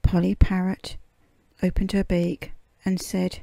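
A woman reading a children's storybook aloud in a soft, hushed half-whisper, a whispered storybook reading. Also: fairly low pitch, little pitch movement, slow pace, slightly rough, dry recording. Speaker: storybook reader.

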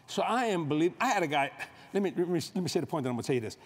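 On a convention hall stage, a man with a rather high, breathy-edged voice preaches a funny, folksy sermon as a guest speaker through a mic. His pace is quick and his intonation lively as he jokes and tells stories.

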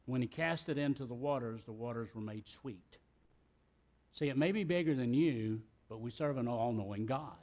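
A man's voice: mid-range voice, moderate pace, a little mellow. A middle-aged man, preaching a sermon in a church in a folksy, talkative way with joking asides. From South Carolina, US. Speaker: pastor. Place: church sanctuary.

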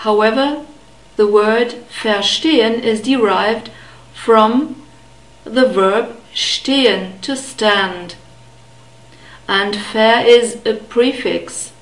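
Very slow-speaking woman teaching pronunciation. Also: a little high, roomy sound, poor audio. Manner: carefully modeling sounds, repeating words slowly. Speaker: language teacher. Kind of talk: slow, deliberate pronunciation lesson.

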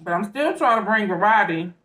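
A woman from the Southern US hosts a mukbang, chatting casually between bites in a Southern accent. Her voice is medium-pitched and brisk, and she's relaxed, talkative and says "y'all" often.

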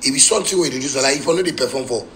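Forceful, ranting Ghanaian man. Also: mid-range voice, racing, slight background noise, rough recording. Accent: Ghanaian Pidgin English. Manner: heated, confrontational ranting. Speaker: musician. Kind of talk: live video rant.

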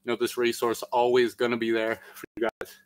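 A man's voice: mid-range voice, completely flat delivery, brisk, low-quality recording. A man leading a live-streamed workout, out of breath after exercising, calling out countdowns and encouragement and chatting with lots of fillers. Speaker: fitness instructor.

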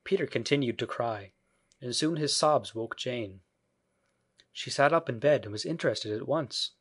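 A male audiobook narrator reading a children's classic in a measured, even scripted narration. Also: mid-range voice, slightly rough.

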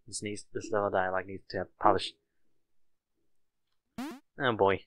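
A man commentates a let's play of custom game levels, muttering to himself and then erupting in loud, swearing bursts of frustration. His voice is fairly low and unhurried, with long pauses.

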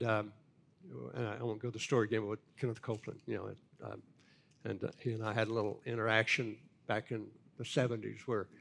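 Gravelly older preacher. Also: male voice, lowish voice. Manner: animated, folksy storyteller with big laughs. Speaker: pastor. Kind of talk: storytelling sermon talk.

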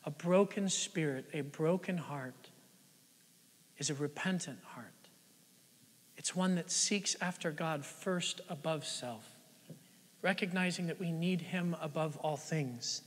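Male pastor, sermon, high voice, animated and conversational, echoing church hall. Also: slow pace, breathy edge. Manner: swings between loud emphatic lines and hushed, near-whispered ones; animated, conversational preaching with rhetorical questions. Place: church sanctuary. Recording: long church-hall reverb.

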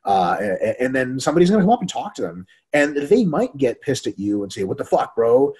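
A man co-hosting a fitness webinar in casual chat, animated and profane, acting out quoted people as he tells stories. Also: medium pitch, fast, breathy edge. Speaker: webinar co-host.

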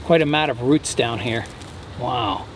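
A man casually explaining his bonsai work as he goes, relaxed and thinking aloud with a few fillers. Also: mid-range voice, unhurried, background noise. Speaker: bonsai hobbyist vlogger. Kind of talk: casual how-to narration.

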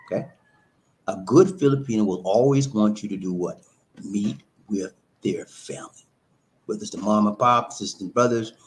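A man hosting a casual live stream, greeting viewers by name, chanting and rhyming, and laughing at his own jokes. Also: fairly low pitch. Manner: animated, shout-outs to viewers, chanting and rhyming.

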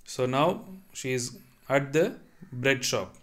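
A man teaching a French lesson, reading sentences and then translating and repeating them patiently. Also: mid-range voice. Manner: slow and deliberate, repeats and explains each line. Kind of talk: online language lesson.

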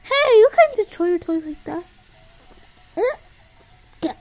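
A woman's voice: very high voice, sing-song, unhurried, darkish tone, faint music behind, low-quality recording. A woman narrating playful pretend play with toys, talking in a sing-song way to a toy baby.

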